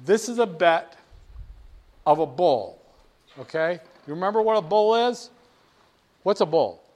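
A man's voice: sits high, expressive, unhurried, darkish tone. A man lecturing a class, stressing key words and having students repeat phrases back to him. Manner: emphatic, drills terms, asks students to repeat. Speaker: teacher.

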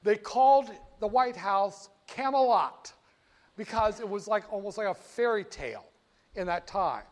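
An older man telling history in an informal, animated way, slipping into voices for the people he quotes. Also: high-pitched, a little slow.

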